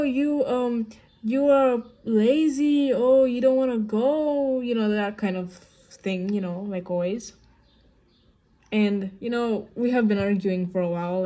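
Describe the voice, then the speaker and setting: A woman's voice: medium pitch, warm tone. A young woman venting in a casual get-ready-with-me vlog at home, rambling with lots of fillers. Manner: rambling, heavy on fillers like "like" and "you know"; upset and venting. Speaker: vlogger. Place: at home indoors.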